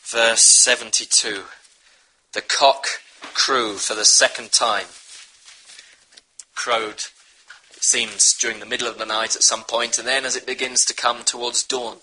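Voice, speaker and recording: A man's voice: mid-range voice, level tone, measured pace, long pauses, bright, forceful tone, a little hiss or hum, low-quality recording. A man preaching a sermon, earnestly urging his listeners to repent. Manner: earnest, pleading exhortation.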